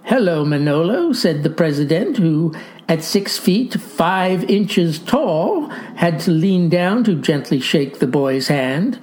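A woman's voice: on the low side, lively intonation, slow, a little mellow. A woman host reading a satirical storybook aloud with mock earnestness.

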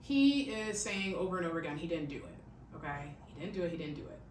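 A podcast host with a lowish, sing-song voice talks fast as she casually tells a true-crime story, peppering it with "like" and "okay?". The recording is echoey and distant, with a faint hiss.

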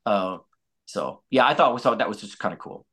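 A man's voice: fairly low pitch, lively intonation, moderate pace, sharp tone. A man who is a guest expert on nutrition and exercise, talking in a loose, rambling way with slangy asides in a casual podcast conversation.

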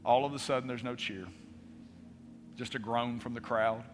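A man's voice: mid-range voice, steady tone, moderate pace. A man preaching a sermon as pastor, telling the story with dramatic pacing, in a church sanctuary. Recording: reverberant hall with faint music.

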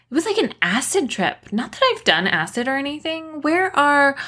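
Shaky slangy young woman, high and breathy, voiced by a woman narrator. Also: a bit bright, exaggerated voice.

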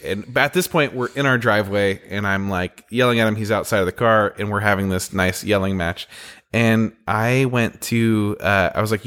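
A man's voice: on the low side, brisk, fairly bright tone, clear, resonant tone. A man in his forties co-hosting a podcast, telling family stories in a candid, rambling way. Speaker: podcast co-host. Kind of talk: casual storytelling chat.

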